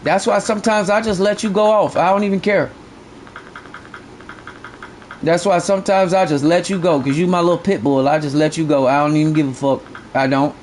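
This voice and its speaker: A man's voice: on the high side, fairly even intonation, fast talker, few pauses, a little mellow, a little hiss or hum. A man streaming a fishing game live, ranting bluntly and profanely to his chat and repeating his points.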